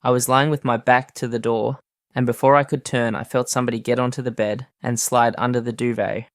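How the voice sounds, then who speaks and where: A man doing a flat, uneasy hired staffer. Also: medium pitch, brisk, dry recording, studio quality, pitched above the performer's own voice, lightly acted. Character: nervous male hired staffer on a royal tour.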